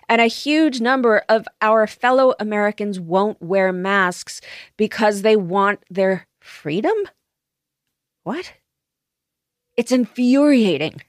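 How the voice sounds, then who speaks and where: A woman's voice: medium pitch, no room sound, studio quality. Impassioned woman hosting a podcast. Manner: impassioned, emphatic. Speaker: podcast host. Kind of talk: scripted podcast monologue.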